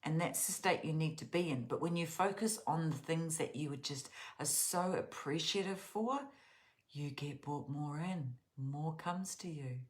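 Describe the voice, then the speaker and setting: A woman with a notably low voice hosts a guided journaling session. She talks casually and earnestly about gratitude, rambling and restarting her sentences often. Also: measured pace. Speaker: journaling channel host.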